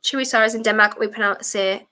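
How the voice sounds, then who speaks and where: A woman streaming a football watchalong, chatting her opinions and breaking into shouts at fouls. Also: mid-range voice, fairly even intonation, fast. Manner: passionate, blunt, chatty opinions. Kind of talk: live match commentary and fan chat.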